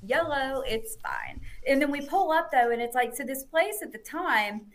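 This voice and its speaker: A woman on a podcast, chatting casually and telling a story in animated bursts, quoting people in lively voices. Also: high-pitched, a little fast. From United States. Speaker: podcast guest.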